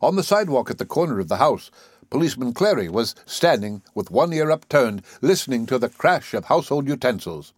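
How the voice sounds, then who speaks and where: A man reading a story aloud as an audiobook narrator, in a measured, wry way. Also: mid-range voice, sing-song, no room sound, studio quality. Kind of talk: scripted narration.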